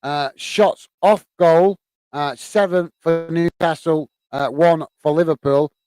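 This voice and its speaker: A man's voice: a little high, fairly even intonation, slow pace, darkish tone, clean tone, no echo, soft background music. A man from the UK hosting a live football watch-along, chatting casually with viewers and laughing often. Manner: chatty, laughs often, lots of "uh" fillers, calls viewers "mate". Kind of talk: casual live-stream chat, reading comments aloud.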